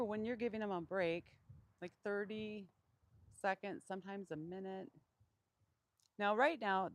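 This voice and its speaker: A woman training a wild donkey in an outdoor pen, speaking calmly and keeping her voice deliberately monotone as she explains each step. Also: no room sound, low-quality recording. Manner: calm, low-key, deliberately monotone. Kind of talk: live training demonstration.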